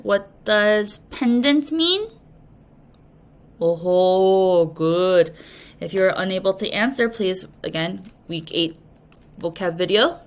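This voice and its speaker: A woman English teacher giving a recorded reading lesson, explaining slowly and patiently to young students. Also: medium pitch, lively intonation. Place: language academy.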